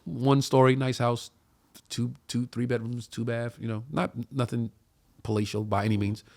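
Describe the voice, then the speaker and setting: Animated man telling a story casually. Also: mid-range voice, moderate pace, gravelly. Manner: animated storyteller, acts out quoted voices, swears freely. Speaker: comedian telling a story on a talk show. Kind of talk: casual storytelling among friends.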